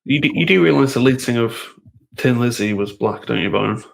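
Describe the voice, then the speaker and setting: A man's voice: medium pitch, expressive, fairly quick, creaky, soft background music. A man co-hosting a podcast, teasing and contradicting the others in casual banter. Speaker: podcast co-host.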